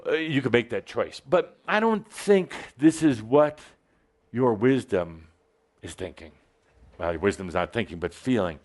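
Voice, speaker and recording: Lively playful man channeling spirit. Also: medium pitch, measured pace. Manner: playful, teasing, exhorting. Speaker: channeler addressing a live audience. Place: live gathering with an audience.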